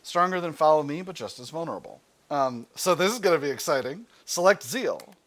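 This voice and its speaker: A man with an American accent reads a strategy game's story text in a steady, deliberate way. He then slips into loose, conversational asides, restarting and correcting himself as he plays. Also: fairly high pitch. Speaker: gaming channel host. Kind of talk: reading game text aloud with let's-play commentary.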